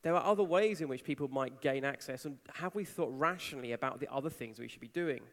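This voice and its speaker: A man's voice: medium pitch, fast. A man giving a conference talk, telling a story with animation and acting out the people he quotes. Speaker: conference speaker. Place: large conference hall. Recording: reverberant hall.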